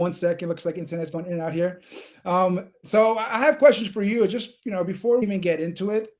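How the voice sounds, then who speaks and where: A man's voice: high-pitched, darkish tone. A man from New York with a New York accent, hosting a live-streamed interview in an upbeat, chatty way and calling on viewers to comment. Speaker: livestream host.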